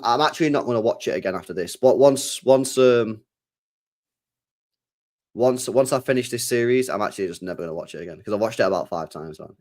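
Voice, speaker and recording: A young man talks loosely into a headset on a live stream. He is slangy and unhurried, repeats himself, swears freely and answers chat questions as they come in. His voice sits at an ordinary middle pitch.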